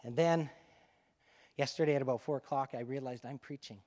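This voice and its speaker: A male pastor telling a lively story to his congregation during a sermon, in a conversational, animated way. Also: medium pitch, brisk, in a large hall. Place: church sanctuary.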